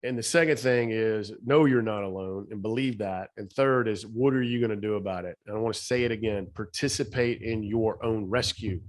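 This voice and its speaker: Speaking fairly quickly with few pauses, this Southern-accented guest has a fairly low pitch. The middle-aged speaker and author gives an emphatic, motivational podcast talk, his voice slightly shaky as he repeats key phrases.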